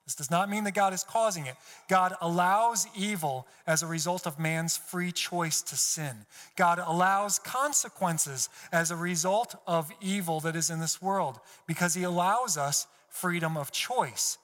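A male pastor giving an earnest, emphatic sermon, his pitch climbing when he quotes God. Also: measured pace, hardly any pauses, fairly bright tone. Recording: long hall reverb.

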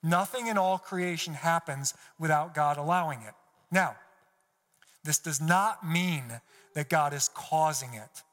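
A male pastor giving an earnest, emphatic sermon, his pitch climbing when he quotes God. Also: unhurried, fairly bright tone. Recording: long hall reverb.

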